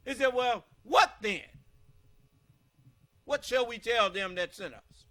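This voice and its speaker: American male preacher, high and bright, slow and emphatic, quizzes the congregation. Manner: emphatic, asks the listeners questions. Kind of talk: scripture teaching sermon.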